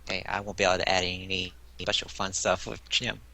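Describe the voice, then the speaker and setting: A man playing a tabletop game, excitable and quick to swear. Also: deep voice, gravelly. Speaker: player.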